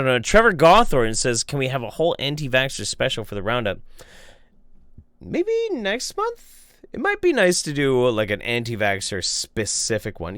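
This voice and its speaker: A man's voice: mid-range voice, pushed and bright, clear, resonant tone, dry recording, clean studio sound. Guy streaming live, swears a lot, jokes with chat, voice jumps around. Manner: crude, joking, reads viewer messages aloud. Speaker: streamer host.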